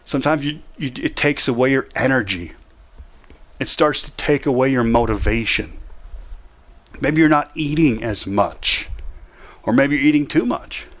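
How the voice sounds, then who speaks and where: A man's voice: mid-range voice, moderate pace, pauses often, a bit bright. A man teaching how to manage depression, talking straight to the listener with emphatic, repeated short commands. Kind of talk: motivational teaching talk.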